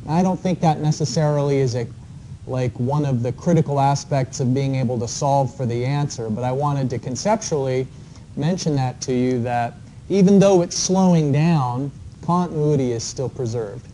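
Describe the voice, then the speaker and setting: A man lecturing an engineering class, working through a problem step by step and pausing often on fillers. His voice sounds mellow and dark, with a faint background hum in the recording. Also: medium pitch. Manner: explanatory, measured, with frequent fillers. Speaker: engineering professor.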